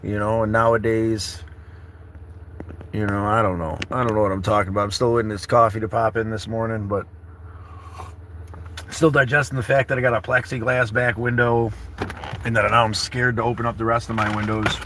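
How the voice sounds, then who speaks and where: Man, 30s, bright-voiced, easygoing rambling vlogger in a camper, faint background noise. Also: on the low side, level tone, fairly quick, pauses often. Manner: rambling, laid-back, calls viewers brother and buddy. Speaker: travel vlogger. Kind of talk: casual morning livestream chat. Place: inside a camper car.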